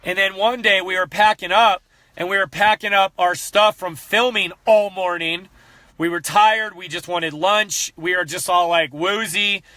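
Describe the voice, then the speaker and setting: Speaking a little slowly in a high voice, a man in his thirties delivers an earnest, animated motivational talk as a fitness coach, candidly repeating himself when worked up. The recording is dry.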